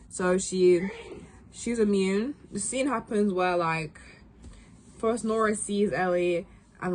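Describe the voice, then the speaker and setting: A young woman chats casually about a game, rambling with constant fillers. Her voice sits a little low. A faint hiss runs under the recording. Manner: rambling, full of fillers and acted quotes. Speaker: gaming vlogger recapping a game. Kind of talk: casual chat.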